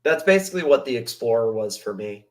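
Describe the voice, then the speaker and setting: A man's voice: mid-range voice, very animated, fast. Blunt man in casual chat. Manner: blunt, swears freely, repeats himself. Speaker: streamer host.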